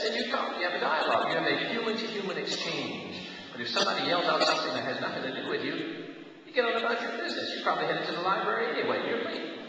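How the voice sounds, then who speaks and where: A man in his sixties giving a talk to students, animated and teasing, asking the audience questions. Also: on the high side. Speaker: guest speaker at a school. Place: school auditorium or hall. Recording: echoey hall recording from far off, hissy.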